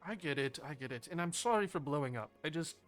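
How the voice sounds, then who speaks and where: A man's voice: a little high, lively intonation, fast talker, soft background music, close to an everyday voice. A man voicing a worn-out male noble leader who talks frankly and swears easily, in a tabletop role-play. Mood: weary, frank.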